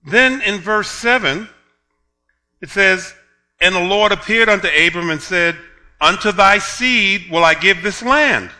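A man with a very bright, forceful voice, pitched a little high, preaching a sermon. He moves from a laughing personal story to slow, drawn-out readings of scripture and loud, emphatic points, with faint music underneath. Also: expressive.

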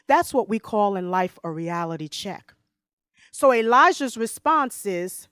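A woman preaching a sermon, reading scripture slowly and swinging between loud emphasis and hushed tones. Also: a little high, expressive, no echo, clean studio sound. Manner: reads scripture slowly and deliberately.

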